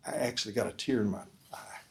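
A man giving an earnest preaching talk at a forum, asking the audience questions and swinging between loud emphasis and soft, quiet lines. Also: on the low side, fast, vocal fry. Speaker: speaker at a discipleship forum.

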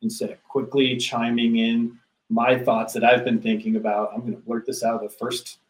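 A man's voice: mid-range voice, flat delivery, normal speed. Earnest man in an echoey room. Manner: earnest, repeats words when starting sentences. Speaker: podcast host. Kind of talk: casual business chat.

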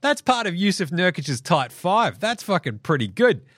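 Australian man, podcast host, swearing a lot, laughing, lively swoops in pitch, dry close sound. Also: normal speed, no room sound. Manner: animated, profane, laughing between jokes. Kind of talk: solo sports podcast rant.

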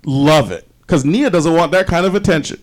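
A man with a slightly high voice tells a long, rambling story in a relaxed group chat. He circles back with fillers and restarts and drops in the odd mild curse. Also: normal speed. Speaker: podcast co-host.

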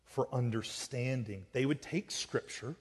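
A man's voice: medium pitch, unhurried, husky. Man preaching in a reverberant hall. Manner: animated, conversational, with rising emphatic peaks. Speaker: pastor. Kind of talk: sermon. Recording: long reverb of a large hall.

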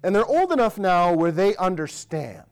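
A man's voice: high voice, normal speed, clean tone. A man in his thirties, a pastor, giving a conversational sermon in a church, telling stories and asking the congregation direct questions. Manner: relaxed storytelling, asks the congregation direct questions.

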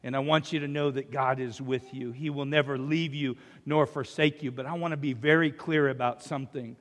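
An American man, a pastor, preaching a sermon and telling a story with many restarts, dropping to a hush and rising loud again. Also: on the high side, in a large hall. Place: church sanctuary.

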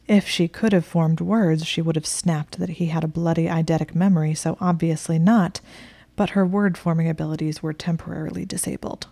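Whispered role-play narrator: woman, low, flat, gravelly, dark and dry, hushed delivery. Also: no room sound. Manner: hushed, slow and breathy.

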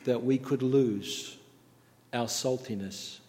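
A man's voice: medium pitch, slow, a little mellow, slight background noise. A man preaching a sermon, earnest, building his points through repeated phrases. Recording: long hall reverb.

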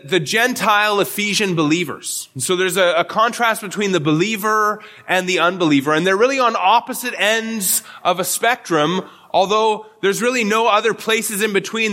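A man's voice: sits high, pushed and bright. A male pastor giving an earnest expository sermon, often repeating words as he restarts his phrases.

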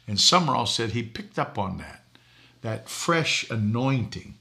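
An older man from Boston preaches in a gravelly voice with a bright edge. He tells folksy stories and chuckles at his own jokes while he hosts a talk show. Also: mid-range voice, animated, measured pace. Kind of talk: preaching talk show answering viewer questions.

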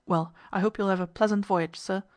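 A woman's voice: medium pitch, fairly even intonation, a little fast, a little mellow, dry recording, close to an everyday voice. A woman reading a story aloud, voicing an urbane, formal ship's purser who keeps saying sir. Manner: polite, formal, often says sir. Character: urbane, fussy middle-aged male ship's purser.

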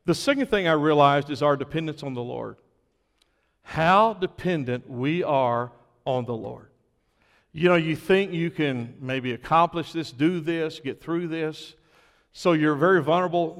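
A man's voice: on the high side, lively intonation, measured pace, big-room sound. A man preaching a sermon in an earnest way, building to emphatic peaks, recovering from illness. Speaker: pastor.

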